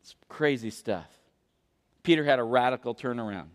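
A man preaching a sermon as pastor, questioning the congregation and swinging between loud emphasis and hushed intensity. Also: mid-range voice, expressive, normal speed. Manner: questions the congregation and calls for answers. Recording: long reverb of a large hall.

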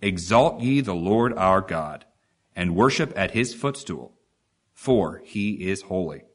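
A man's voice: low voice, lively intonation, slow, husky. A man preaching a sermon, reading scripture and asking the congregation rhetorical questions with strong emphasis.

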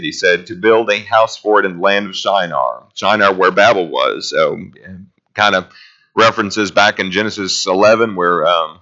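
Low bright-voiced man teaching Bible class. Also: dull audio. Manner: conversational, rambling with fillers, reads scripture aloud.

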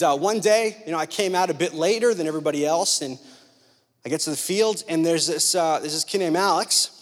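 A man preaching a sermon in a conversational way, asking rhetorical questions and telling humorous stories. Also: a little high. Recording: long hall reverb.

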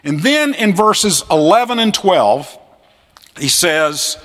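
High-voiced man lecturing in an echoing hall. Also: slow pace. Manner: animated, acts out quoted voices. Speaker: seminary lecturer. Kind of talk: classroom lecture on scripture.

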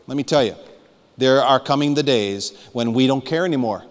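A man's voice: mid-range voice, moderate pace, long reverb tail. A man preaching a sermon as pastor, fervent and emphatic, urging his listeners to listen.

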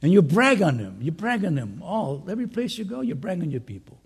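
Husky high-pitched impassioned preacher man. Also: very animated, brisk. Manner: impassioned, swinging between loud urging and soft earnest asides; conversational, joking asides to fellow pastors. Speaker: pastor. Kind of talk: conference sermon.

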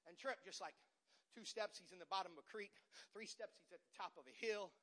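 A middle-aged man preaching a sermon as pastor, moving from quiet talk to shouted, fiery preaching. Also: high-pitched, brisk. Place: church sanctuary.

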